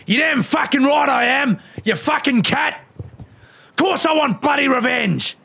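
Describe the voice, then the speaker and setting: A man with an Australian accent voicing a bitter, foul-mouthed female sky pirate captain who speaks slowly and bursts into swearing rants. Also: medium pitch, very animated, a little hiss or hum. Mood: furious. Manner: slow, brooding delivery that bursts into swearing rants.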